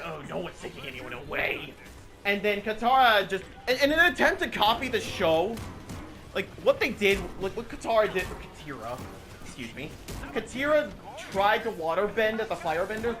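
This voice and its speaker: A young man in casual voice chat while gaming, animatedly mocking a movie with swearing and quick retellings. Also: high voice, very animated, music in the background. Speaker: channel host.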